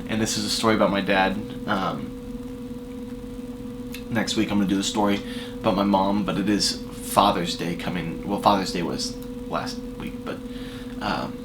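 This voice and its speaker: A man telling a personal story in a casual vlog, rambling with fillers and restarts and swinging between loud emphatic bursts and quiet asides. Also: on the low side, fairly even intonation, moderate pace, noisy background.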